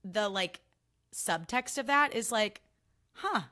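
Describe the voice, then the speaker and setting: Young female podcast host, bright tone, candid and chatty, swears, ranty. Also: medium pitch, a little fast. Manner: chatty, candid, swears freely, gets worked up in rants. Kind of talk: casual solo podcast chat.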